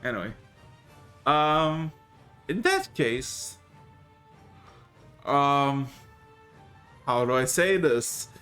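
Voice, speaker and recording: A man running a tabletop game as game master, describing scenes in halting, often restarted sentences. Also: mid-range voice, animated, a bit bright. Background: faint music.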